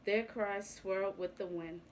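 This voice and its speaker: A woman reading a picture book aloud to young children. She takes it very slowly and tells it with a gentle, expressive touch, at a middle pitch. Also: a little hiss or hum, poor audio.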